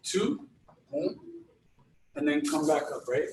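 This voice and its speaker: High-voiced karate coach, from across the room. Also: male voice, sing-song, takes it slowly, creaky, reverberant, distant mic, noisy background. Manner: repetitive, many restarts and "right?" checks. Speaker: karate instructor. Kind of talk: online class instruction.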